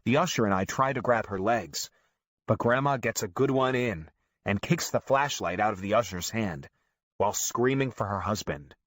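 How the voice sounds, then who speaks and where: A man narrating an audiobook in a lively storytelling manner. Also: fairly low pitch, normal speed, dry recording. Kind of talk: scripted narration.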